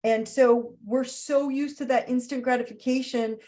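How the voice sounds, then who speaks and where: High-voiced woman giving an animated astrology talk. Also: normal speed, hardly any pauses. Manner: animated, breaks into playful character voices. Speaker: astrology host.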